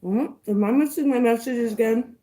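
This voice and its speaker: Savoring her food with quiet murmurs, a woman mukbang streamer eats slowly and pauses between bites to greet chat viewers by name. Her voice is mellow with a fairly high pitch.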